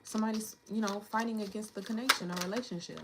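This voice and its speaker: A woman in the middle of a casual tarot reading, chatty and slangy, thinking aloud as she turns the cards. Her voice sits at an ordinary middle pitch. Clicks and the shuffle of cards come through clearly under her talk. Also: fairly even intonation, fast, heavy background noise. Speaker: tarot reader. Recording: clicks and card shuffling behind.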